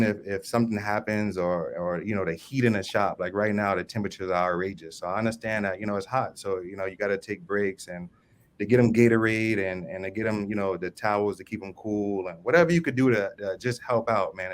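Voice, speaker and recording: A man's voice: on the low side, fairly even intonation, a little fast. A man on an industry panel, from New Orleans, telling a work story in a loose way with many ums and restarts. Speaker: service manager panelist.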